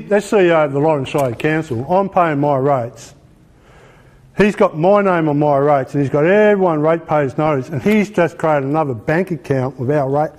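A man's voice: fairly high pitch, a little mellow. An Australian man giving an informal lecture in a colloquial, emphatic way, often asking rhetorical questions. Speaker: presenter.

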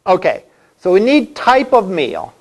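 Male lecturer, college class, animated up-and-down delivery, slightly higher voice, keeps quizzing students. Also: unhurried. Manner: conversational, asks the class questions. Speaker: college instructor.

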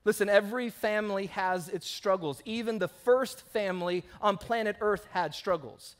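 Here the pastor's voice is high and his speed normal as he preaches in a church sanctuary. His sermon is full of lively stories, and he acts out what each person in them says.

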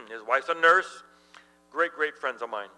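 A middle-aged male pastor preaching a sermon, telling stories in an animated way and laughing as he tells them. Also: on the high side, slow pace, in a large hall, faint music behind, low-quality recording. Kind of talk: sermon with storytelling. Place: church.

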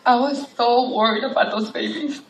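A woman's voice: fairly high pitch, steady tone, normal speed. A woman telling a personal story to an audience at a charity event, emotional and acting out the voices of others. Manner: emotional, acts out quoted voices. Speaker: cancer survivor speaking at a charity event. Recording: echoey hall from far off, faint noise.

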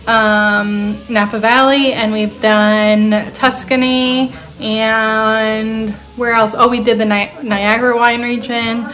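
A woman's voice: fairly high pitch, fairly bright tone, low-quality recording. A young woman, a nurse, chatting casually in a vlog at home and laughing often. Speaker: travel nurse vlogger. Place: home living room.

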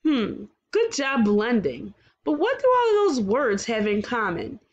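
A woman teaching a kindergarten phonics lesson, slowly sounding out words and praising the children with exaggerated, sing-song encouragement. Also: fairly high pitch, huge pitch swings, muffled recording. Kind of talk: slow, clearly enunciated phonics lesson for young children.

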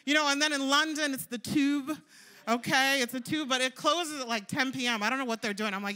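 A young woman delivers a sermon with a high, bright voice. She talks in a loose, conversational way, spinning stories and leaning on "like" and "you know" as she goes. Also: a little fast. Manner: chatty, storytelling, lots of "like" and "you know". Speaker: preacher.

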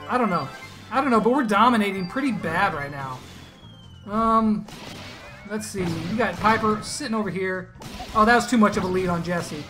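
A man giving casual, excitable commentary on his own mobile game matches, teasing opponents and laughing at big plays. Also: high voice, normal speed, over music. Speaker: gaming YouTuber. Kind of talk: gameplay commentary.

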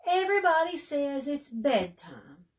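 Woman voicing a storybook bird, little boy bird, high and whiny, loud protests, wide swooping pitch. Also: big pitch swings, measured pace. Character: restless little male bird, stubbornly not sleepy.

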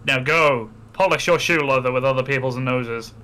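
A man co-hosting a game stream, with dry deadpan quips. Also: medium pitch, normal speed, clean tone. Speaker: co-host. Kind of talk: casual game stream chat.

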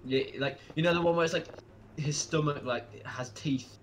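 A man's voice: on the high side, fairly even intonation, moderate pace, a loud crowd. A young man, riffing and swearing in a casual gaming chat over a noisy line. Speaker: gamer.

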